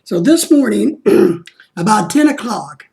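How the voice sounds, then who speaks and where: A man's voice: high voice, animated, takes it slowly, vocal fry, mellow. A man hosting a vlog, casually recounting an exasperating week with lots of reenacted phone calls. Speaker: vlog host.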